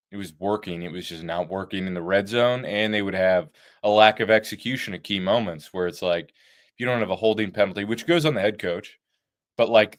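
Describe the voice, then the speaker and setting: Casual man breaking down football. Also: fairly low pitch. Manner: casual, profane, lists points with "like" and "right?". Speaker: football analyst co-host. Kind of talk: postgame sports analysis.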